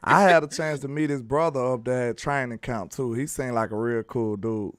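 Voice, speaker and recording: A man's voice: medium pitch, normal speed, dry recording, studio quality. A young man hosting a casual sports chat, laid-back, laughing often and using dialect slang. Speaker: sports show host.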